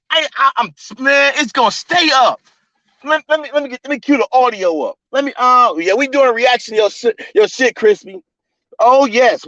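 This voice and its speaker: The host of a livestream mocks and curses his way through a fast, heated rant. His very high-pitched, sharp voice has no echo but comes through dull, lo-fi stream audio.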